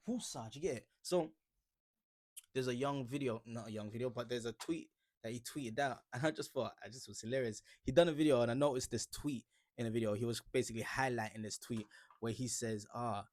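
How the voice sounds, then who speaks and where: A man's voice: medium pitch, darkish tone. A man vlogging about football in a laid-back, joking way, rambling with slang and fillers. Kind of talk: casual reaction vlog.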